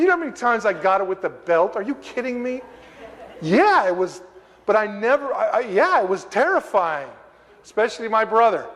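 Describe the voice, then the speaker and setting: An older man preaching a sermon, telling stories in an animated, humorous and emphatic way. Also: high voice, slight background noise. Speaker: pastor. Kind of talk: storytelling sermon. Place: church sanctuary. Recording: long reverb of a church hall.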